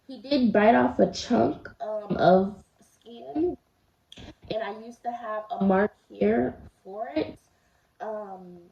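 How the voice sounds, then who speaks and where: A woman vlogger with a medium-pitched voice and vocal fry confides a personal story to her viewers while eating. She chats casually and speaks to them directly, recorded at home in a roomy space that sounds slightly dull.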